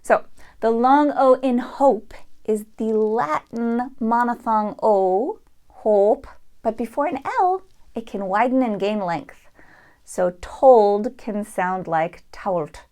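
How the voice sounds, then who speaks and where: A woman's voice: fairly high pitch, expressive, slow, darkish tone. Woman teaching sounds. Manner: demonstrates sounds, switching in and out of an Irish accent. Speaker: accent coach. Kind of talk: dialect tutorial.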